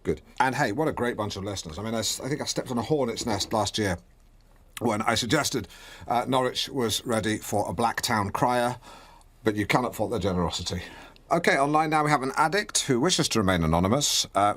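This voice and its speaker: Imagine a self-important middle-aged radio presenter with a mid-pitched man's voice. He bumbles through links, stumbles, corrects himself and keeps going, full of misplaced confidence. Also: expressive, fairly quick, a bit bright. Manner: pompous, fumbling, self-correcting. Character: pompous, awkward middle-aged male local radio host. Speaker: radio host. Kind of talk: comedy radio show banter.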